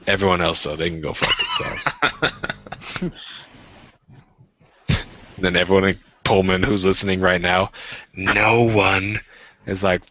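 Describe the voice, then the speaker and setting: A man's voice: deep voice, slow pace, long pauses, bright, forceful tone, dry recording, dull audio. Profane ranting guy in his twenties. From Washington state, USA. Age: 20s. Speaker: podcast co-host. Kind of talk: casual chat.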